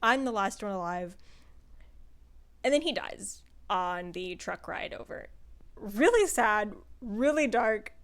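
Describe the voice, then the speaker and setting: A woman's voice: mid-range voice, expressive, slow, fairly bright tone. A young woman in casual chat, reviewing a book in a rambling way with lots of fillers. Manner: chatty, rambling, full of "like" and "um" fillers.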